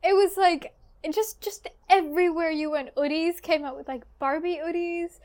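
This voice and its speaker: A woman's voice: very high-pitched, fairly even intonation, moderate pace, a little mellow. A woman co-hosting a podcast, chatting casually and laughing often. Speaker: podcast co-host. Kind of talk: casual chat.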